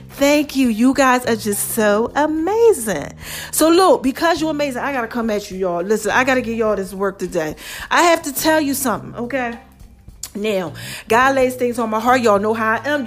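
A woman hosting her own online show, talking casually and warmly to her viewers, calling them "baby" and repeating phrases to drive her point home. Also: sits high. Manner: affectionate, calls listeners "baby" and "y'all"; preachy, repeats phrases for emphasis. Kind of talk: casual motivational talk to viewers.

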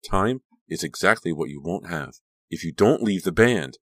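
A man voicing a jealous, threatening teenage girl in an audiobook, curt and sharp. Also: sits low, animated, moderate pace, dry recording, clean studio sound.

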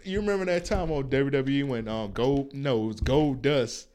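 A man's voice: mid-range voice, moderate pace, a little mellow. A man co-hosting a casual, profane chat, laid-back and laughing often. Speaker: podcast co-host.

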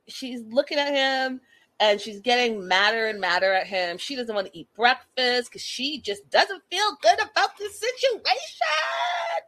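Animated woman giving a judgy recap. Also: a little high. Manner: animated, judgmental, talks to viewers directly. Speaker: commentator. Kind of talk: casual recap commentary.

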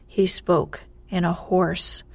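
Breathy woman, slow hushed storytelling. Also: on the low side, flat delivery, dry recording. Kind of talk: soft storybook narration.

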